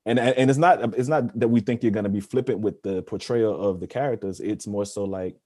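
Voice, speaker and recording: A man with a lowish voice and a warm, mellow tone, talking in a podcast conversation. He speaks earnestly, hammering a point through repetition, then drops into quieter asides. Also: brisk, no room sound, clean studio sound. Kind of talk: casual discussion.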